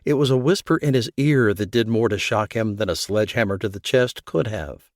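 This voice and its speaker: A man reading an audiobook as scripted narration, in a steady, even storytelling manner. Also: lowish voice, brisk, hardly any pauses, no echo, clean studio sound.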